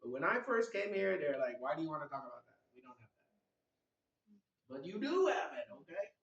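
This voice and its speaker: A middle-aged man with a slightly raised pitch gives an energetic, teasing medical lecture and keeps throwing questions at his audience. He is picked up from across a large, echoey hall, and the sound is muffled and dull. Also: brisk, vocal fry. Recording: echoey hall recorded from a distance.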